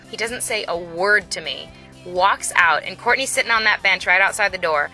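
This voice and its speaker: A woman casually telling a long story, acting out the people in it with lively voices. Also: medium pitch, brisk, faint music behind. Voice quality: animated, acts out the people in her story.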